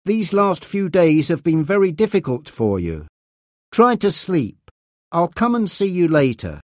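A man reading aloud, voicing a caring woman who soothes a sick man in a raised, gentle voice. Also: high voice, big pitch swings, measured pace, no room sound, studio quality, pitched above the performer's own voice. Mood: soothing. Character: caring woman nurse friend.

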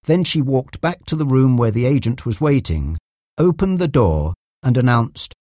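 A man with a mid-range voice reads a chapter of an audiobook at normal speed, keeping a steady storytelling manner. The scripted narration is a dry recording with clean studio sound.

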